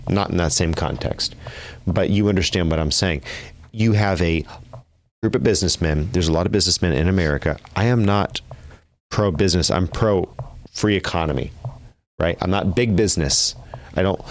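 A man's voice: low voice, moderate pace, no room sound. A man co-hosting a podcast, giving blunt opinions and repeating points for emphasis. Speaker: podcast co-host.

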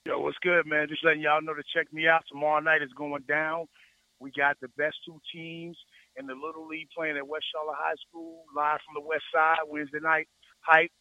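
A man's voice: a little high, level tone, a little fast, no echo, muffled recording. A man promoting upcoming events in a hype, casual way. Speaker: guest promoter.

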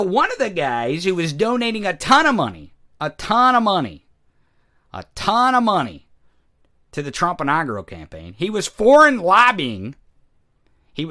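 A man hosting a ranting political commentary show, profane and sarcastic, jumping from loud outbursts to low muttering.

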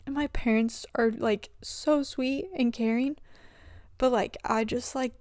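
A woman's voice: fairly high pitch, fairly even intonation, unhurried, darkish tone, no echo, clean studio sound. A young adult woman talking through personal struggles in a rambling, confessional way, filling her speech with "like" and restarts. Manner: rambling, filler-heavy with frequent "like". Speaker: vlogger.

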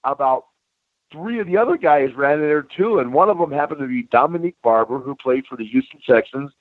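An older man tells road stories with loose, animated energy and keeps tossing in "bro" and "man." His voice comes through a thin, phone-like line. The sound is dry, with no room around it. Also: mid-range voice, fairly quick, no echo. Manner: animated storyteller, says bro and man a lot. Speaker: guest, retired pro wrestler. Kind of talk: casual interview storytelling.

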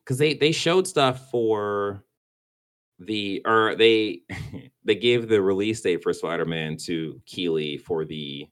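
A man's voice: on the low side, animated, slow. A man co-hosting a casual gaming podcast, rambling and stumbling over words, often restarting and laughing. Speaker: podcast co-host.

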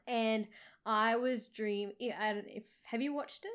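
A woman's voice: on the high side, a little slow, fairly bright tone, clear, resonant tone. A woman, co-hosting a casual podcast chat, teasing and giggly. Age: late 20s. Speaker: podcast co-host.

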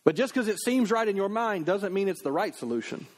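A middle-aged man, a pastor preaching a sermon in a conversational, animated way, slipping into quick acted asides. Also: high-pitched.

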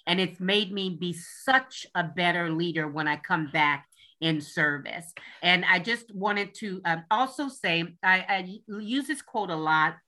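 An upbeat woman coach speaks as a guest in an interview. Her voice is bright and carries a lot of enthusiasm. She slows down to spell things out carefully. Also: on the low side.

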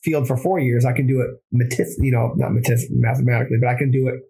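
A man's voice: mid-range voice, level tone, fast talker, vocal fry, warm tone, slightly rough, low-quality recording. A man who is a plumber and former Marine, telling his story in a casual interview, rambling with frequent restarts and self-corrections.

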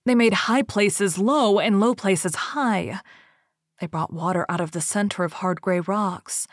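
Woman storyteller, low voice, measured folk-tale reading, dry close sound. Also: no echo.

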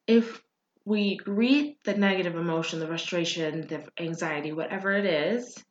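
A woman's voice: fairly low pitch, normal speed. A woman hosting a podcast, talking casually and earnestly to listeners, reassuring them and often checking in with "right?". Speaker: podcast host and coach. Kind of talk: casual motivational talk. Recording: roomy, dull lo-fi sound.

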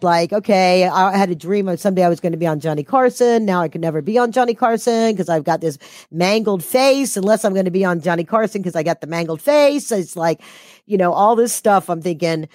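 A woman's voice: on the low side, normal speed, darkish tone, no echo, studio quality. A woman telling a personal story as an interview guest, her voice rising when she quotes herself.

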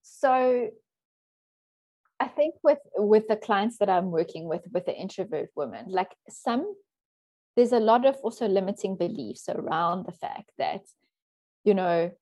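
A woman coach answers interview questions in a thoughtful way, laughing softly and restarting her sentences. Her voice is mellow and warm. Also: medium pitch, lively intonation, measured pace. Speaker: coach for introverted women. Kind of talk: interview guest.

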